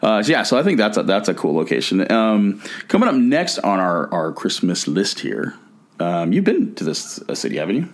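A man from the United States chats loosely as a podcast co-host, his voice sitting fairly low. He rambles through his points, with plenty of restarts and fillers. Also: sing-song, moderate pace. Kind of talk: casual travel podcast chat. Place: California.

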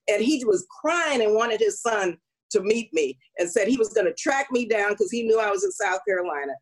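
A woman's voice: a little high, animated, moderate pace, low-quality recording. A woman politician guesting in an interview, telling stories in an earnest, emphatic way. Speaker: congresswoman, guest. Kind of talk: conversational interview.

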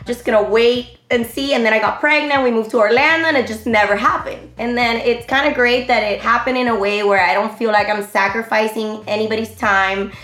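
A woman in her thirties, a guest telling her story in an animated, rambling way full of fillers. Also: fairly high pitch, brisk, hardly any pauses. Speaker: interview guest, online comedy creator. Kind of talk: casual interview chat. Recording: roomy echo.

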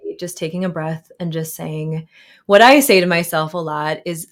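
A woman in her thirties, a therapist and author, talking as a guest in a casual interview, reflective, with frequent fillers and soft laughs. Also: deep voice, steady tone, normal speed.

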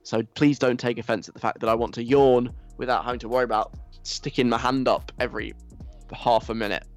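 A man's voice: medium pitch, steady tone, a little fast, soft background music. A young man hosting a radio show, reading listener messages aloud and answering them in a teasing, mock-stern way. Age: young adult.

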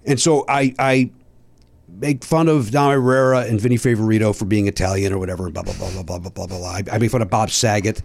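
Animated profane male storyteller. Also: fairly low pitch, quick pace, creaky. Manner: animated, profane, acts out other people's lines. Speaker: podcast guest, comedian. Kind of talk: casual storytelling.

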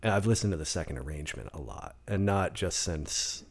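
Brief: low-voiced man, gravelly, rambling casual guest, restarts mid-thought. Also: very animated, fairly quick. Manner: rambling, restarts often, acts out quotes. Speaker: guest songwriter. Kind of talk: casual conversation. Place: in-person podcast studio.

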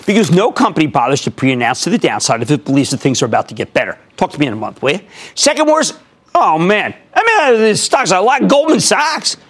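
A middle-aged man giving stock market commentary on television in an emphatic, theatrical way, jumping between loud outbursts and quiet asides. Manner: emphatic, theatrical, big swings of pitch and loudness.

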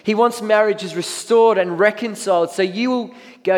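In a large church hall, a man with a high-pitched voice preaches at a moderate pace. His sermon is conversational, and he acts out people's inner voices as he goes.

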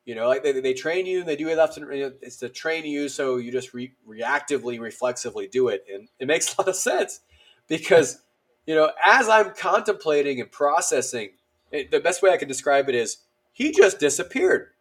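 A man in his thirties, an army veteran appearing as a guest, speaks fairly quickly at a fairly high pitch. He tells stories casually and animatedly, acting out what the people in them said and filling his speech with lots of fillers.

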